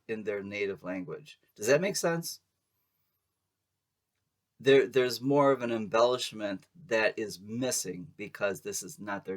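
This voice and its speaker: A man giving a casual tarot reading to camera, chatty and playful, laughing often and making sassy asides. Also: medium pitch. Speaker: tarot reader.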